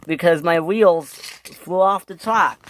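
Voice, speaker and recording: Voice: mid-range voice, takes it slowly, a little hiss or hum, natural voice. A narrator voicing a male engine who runs a repair works, weary and exasperated. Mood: bemused.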